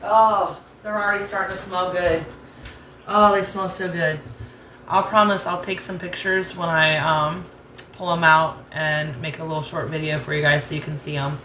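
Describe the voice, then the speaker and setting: A woman's voice: lowish voice, level tone, moderate pace, a bit bright, roomy sound, a little hiss or hum. An American woman with a rural Southern accent, chatting casually and rambling as she cooks in her home kitchen, laughing easily. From United States. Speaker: cooking channel host.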